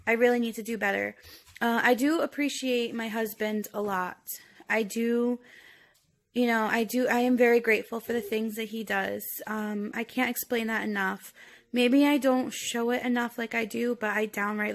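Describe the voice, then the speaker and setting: A vlogger in her thirties speaks directly into her phone in a voice slightly high for a woman, with fairly even intonation and a moderate pace. Open and confessional, she's earnest and emotional, rambling and restarting her thoughts.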